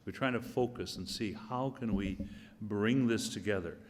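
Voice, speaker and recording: A man's voice: lowish voice, normal speed. An older man, a cardinal, giving informal opening remarks, reflective with dry humorous asides. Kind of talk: informal spoken address. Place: church hall or chapel setting. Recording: long hall reverb.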